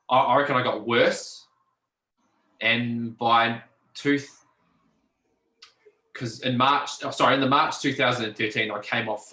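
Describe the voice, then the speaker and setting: A man's voice: medium pitch, sharp tone, echoey room, poor audio. A man telling his story bluntly in an interview, swearing freely and acting out the people he quotes. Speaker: podcast guest.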